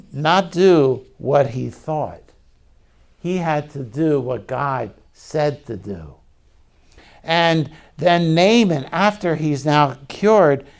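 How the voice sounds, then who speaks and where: A man preaches in a relaxed, conversational style, and his voice sits fairly high. He talks slowly, stopping to put questions to his listeners, and speaks openly about his own struggles. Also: vocal fry. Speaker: pastor. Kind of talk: sermon.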